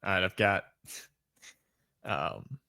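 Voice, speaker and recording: A man's voice: sits low, very slow, sharp tone, smooth, dry recording. Laid-back young man, dry podcast banter. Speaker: podcast co-host. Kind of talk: casual sports podcast chat.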